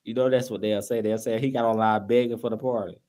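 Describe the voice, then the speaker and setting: A man hosting a casual talk show, animated and joking, pleading with his audience. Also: on the low side, quick pace, slight background noise. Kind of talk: casual chat.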